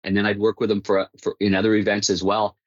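A man with a lowish voice tells long broadcasting stories, stumbling and restarting as he goes and laughing at his own punchlines. The sound is dull and dry, like a muffled remote line. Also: monotone, quick pace, no room sound. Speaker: hockey broadcaster, interview guest. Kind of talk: casual storytelling interview.

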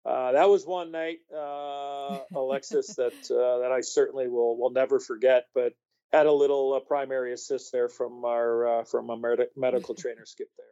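A man's voice: medium pitch, level tone, normal speed, dark tone, clear, resonant tone, dull audio. A man telling a story as a guest in an interview, rambling with many fillers and restarts. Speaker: guest, former hockey player.

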